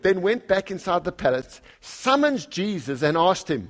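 A high-pitched pastor preaches at a normal speed in a conversational style. He reads scripture aloud with lively emphasis and asks the congregation questions.

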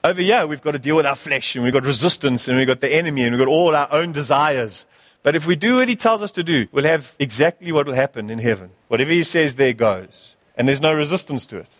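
A man's voice: on the high side, animated, quick pace, a bit bright, big-room sound. A male pastor preaching a sermon, urging his church with emphatic, repeated exhortations.

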